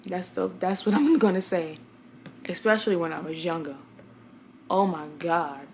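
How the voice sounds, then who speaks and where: A woman's voice: on the low side, a little fast, vocal fry, a little hiss or hum. A young woman from Brooklyn, New York, talking casually to camera as a vlogger, a blunt and chatty storyteller who speaks straight to her viewers.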